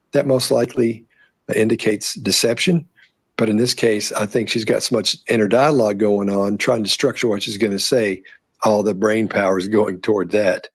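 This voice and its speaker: A man's voice: fairly low pitch, no echo. A man on a panel analyzing an interview, hesitant, with frequent fillers and restarts. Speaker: body language analyst panelist. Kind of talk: analytical commentary.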